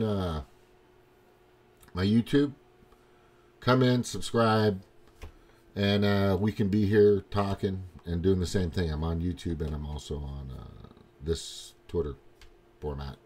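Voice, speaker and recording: Ranting on his livestream, a Missouri man goes off about politics in a profane, rambling, incredulous way. His voice is low-pitched with a darkish tone.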